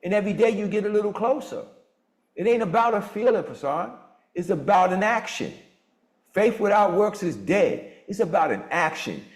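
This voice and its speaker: A man in his sixties hosting a motivational group on a video call, talking with a lively preacher-like cadence. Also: normal speed, echoey room. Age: 60s. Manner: animated preacher-like cadence, swoops in pitch. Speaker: mastermind group host.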